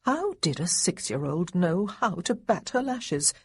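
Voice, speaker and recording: A woman narrating an audiobook in an expressive manner, giving lively voices to the dialogue. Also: fairly low pitch, measured pace, slightly rough.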